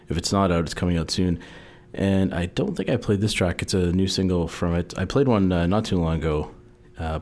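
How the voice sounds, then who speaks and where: Deep-voiced rambling radio DJ man. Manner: relaxed, rambling, frequent "uh" fillers. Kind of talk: casual radio music show chat. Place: radio station studio.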